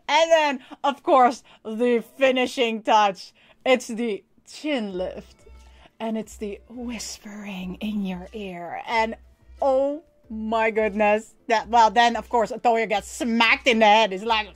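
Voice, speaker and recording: A woman hosting a casual anime recap and toy unboxing, excitable and often laughing as she acts out lines. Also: on the high side, measured pace.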